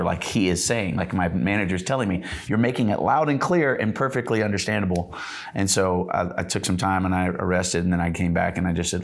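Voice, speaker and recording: A man's voice: sits low, brisk. A man with a Texan accent, telling stories in a casual podcast chat, rambling with many restarts. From Texas. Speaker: guest, singer-songwriter.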